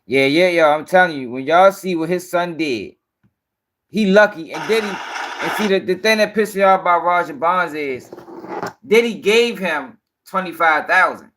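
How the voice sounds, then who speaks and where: A man's voice: high-pitched, normal speed, a bit bright. A man hosting a live-stream news show, ranting in casual, profane, rambling talk and sounding tired.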